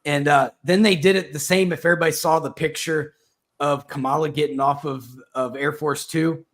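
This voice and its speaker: A man's voice: a little high, fairly even intonation. Rambling man hosting a chat show. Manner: rambling, halting, with many fillers and restarts. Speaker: podcast host. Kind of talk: casual political chat.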